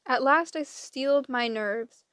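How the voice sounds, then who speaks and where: Lively woman reading an audiobook. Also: sits high, unhurried, clean tone, dry recording, clean studio sound. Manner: lively, dramatic storytelling. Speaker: audiobook reader. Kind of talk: expressive audiobook narration.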